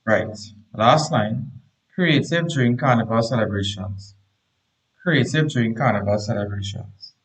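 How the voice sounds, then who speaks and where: A man teaches a live online grammar lesson to primary pupils. He reads each sentence aloud, repeats it slowly and explains the corrections while talking to the chat. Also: mid-range voice, low-quality recording.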